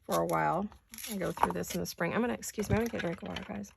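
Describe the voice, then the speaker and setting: Hoarse older woman chatting as she crafts. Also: fairly low pitch, racing, heavy background noise. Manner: chatty, thinking aloud, wandering asides. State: hoarse, deep voice. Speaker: craft vlogger. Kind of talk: casual chat while crafting. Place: home craft studio.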